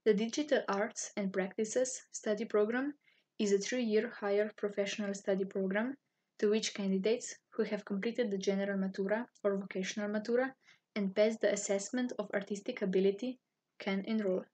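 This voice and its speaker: Breathy-voiced woman. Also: medium pitch, moderate pace. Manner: formal, even-toned reading. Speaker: university student office staff. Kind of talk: scripted informational narration.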